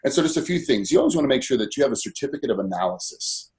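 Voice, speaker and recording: A man's voice: mid-range voice, sing-song, very fast, a little mellow. A man appearing as a podcast guest, explaining health topics in an earnest, persuasive way full of rhetorical questions. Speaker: wellness coach.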